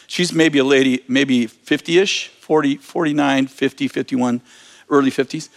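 A man telling a lively story in a sermon, laughing as he talks. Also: mid-range voice, unhurried, creaky.

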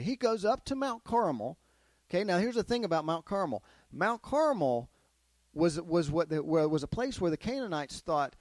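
A man teaching a Bible lesson to a group of children, keeping them involved with steady questions and lively storytelling. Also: high voice, normal speed, dry recording. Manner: asks the kids questions, animated storytelling. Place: classroom with children.

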